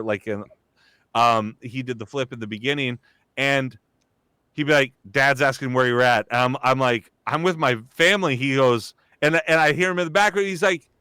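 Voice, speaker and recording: A man in casual chat, telling lively stories and acting out the people in them. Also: medium pitch, clear, resonant tone, no room sound, clean studio sound. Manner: animated storyteller acting out quoted voices. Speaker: comedian and voice actor.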